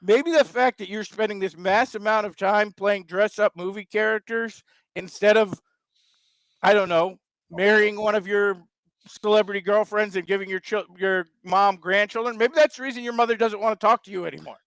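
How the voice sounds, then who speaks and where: A man's voice: high voice, steady tone, normal speed, a bit bright, clean tone, no room sound, rough recording. A man from the American South, a regular on a sports talk show, ranting with mocking, exasperated wisecracks. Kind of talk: sarcastic sports talk rant.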